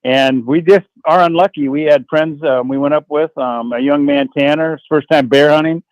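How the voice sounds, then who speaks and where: A man's voice: fairly high pitch, fairly even intonation, normal speed, dry recording, lo-fi sound. A man, a guest from an outdoor adventure TV show, telling hunting stories in a folksy, rambling way on a radio call-in. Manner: rambling, folksy, restarts sentences. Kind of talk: casual radio interview storytelling.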